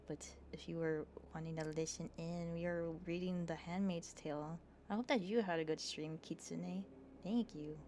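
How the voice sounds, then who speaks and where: Slow, soft-spoken giggly woman. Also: deep voice, a little hiss or hum. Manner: soft, giggly, chatty with fillers. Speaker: streamer. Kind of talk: soft-spoken ASMR reading and chat. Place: her bedroom. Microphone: ASMR microphone.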